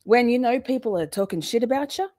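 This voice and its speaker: A woman's voice: fairly high pitch, lively intonation, fast talker, a little mellow, no echo. Woman streamer, loose rambling commentary, salty language, dry unroomy mic. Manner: rambling, chatty, swears freely, breaks off to greet chat. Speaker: livestream host. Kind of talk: casual livestream commentary.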